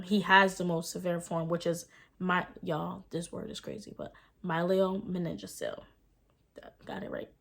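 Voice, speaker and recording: A young woman tells her own story to the camera in a casual, emotional vlog. Her voice sits a little low, and she speaks quickly, piling on fillers and calling her viewers "y'all.". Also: vocal fry. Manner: fast, filler-heavy speech with rising and falling intensity. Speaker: vlogger and mother.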